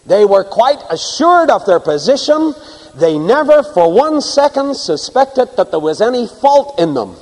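A man preaching a sermon to a congregation, swinging from loud emphasis to hushed asides. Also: extremely high pitch, sing-song, measured pace, long reverb tail, low-quality recording. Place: church before a live congregation.

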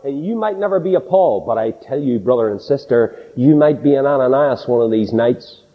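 A man's voice: medium pitch, expressive, a little fast. A man preaching a sermon in a dramatic, emphatic way, acting out the people he quotes. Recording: dull recording with long hall reverb.

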